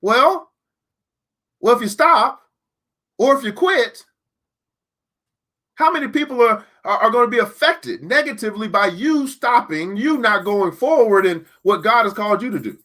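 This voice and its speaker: Motivational teacher, male; high, bright voice; emphatic preacher-style delivery with slow repeated lines. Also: expressive. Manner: addresses listeners directly as beautiful people. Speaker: teacher and book club host.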